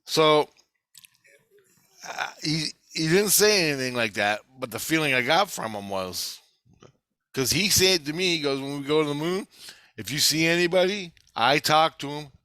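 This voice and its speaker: A half-awake man rambling through a profane, casual story, quoting others in quick asides. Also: on the high side, lively intonation, sharp tone, clean tone, no echo. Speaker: video maker. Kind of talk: casual chat.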